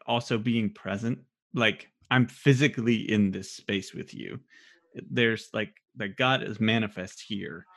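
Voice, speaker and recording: A man co-hosting a casual podcast conversation, relaxed and full of fillers. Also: on the low side, a little slow.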